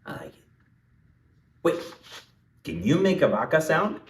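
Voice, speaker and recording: A man leading a playful lesson for young children, talking straight to them in an animated, singsong way. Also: a little high, unhurried, far from the mic. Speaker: children's language teacher. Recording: echoey room, voice off-mic.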